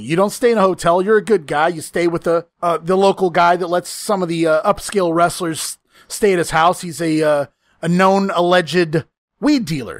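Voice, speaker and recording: Man, casual storyteller, high-pitched, dead dry sound, profane, laughs a lot. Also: fairly bright tone, no room sound. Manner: profane, laughs often, acts out quotes.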